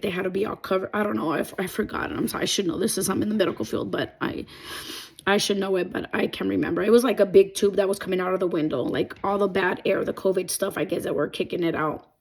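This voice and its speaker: Woman with a heavy gravelly fry, casual testimony vlog, earnest and rambling. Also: medium pitch. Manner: rambling, many fillers like "like" and "um"; emotional, earnest. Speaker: testimony vlogger. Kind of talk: personal faith testimony, casual storytelling.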